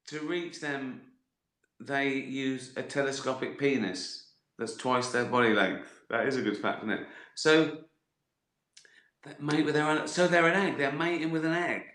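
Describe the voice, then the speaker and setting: Middle-aged man, West Country accent, bright voice, rambling and profane comedic storytelling, echoey room. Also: medium pitch, measured pace. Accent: West Country English. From West Country, England. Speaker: host answering viewer questions. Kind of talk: casual livestream chat.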